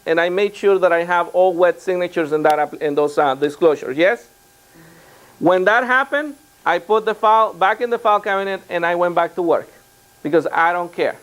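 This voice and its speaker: High-voiced man telling seminar stories. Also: smooth. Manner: animated anecdotes with quoted dialogue. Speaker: real estate trainer. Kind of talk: storytelling seminar talk.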